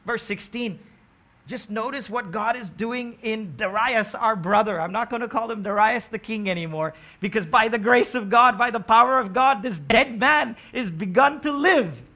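Male preacher, high bright voice, emphatic sermon delivery with swings from quiet to loud, questions thrown to the congregation. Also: normal speed. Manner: emphatic, rising to near-shouts on key phrases, asks the congregation questions.

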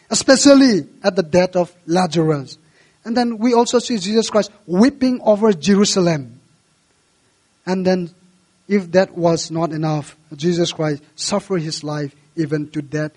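A man preaching a sermon in earnest, his voice rising and growing louder when he quotes scripture, with non-native English phrasing. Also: high-pitched. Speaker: pastor.

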